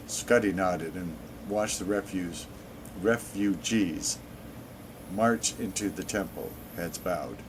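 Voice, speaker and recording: A man's voice: sits low, takes it slowly, slight background noise. A man in his sixties reading an in-game book aloud on his gaming channel, dropping in sarcastic asides.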